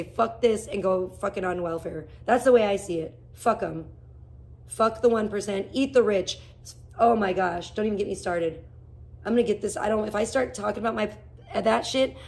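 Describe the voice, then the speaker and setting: A woman streaming live, her voice husky with a breathy edge. She rants bluntly and profanely, rambling from one grievance to the next. Now and then she breaks off to greet viewers in chat. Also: medium pitch, darkish tone. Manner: greets chat viewers by name mid-rant. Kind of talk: casual ranting livestream chat.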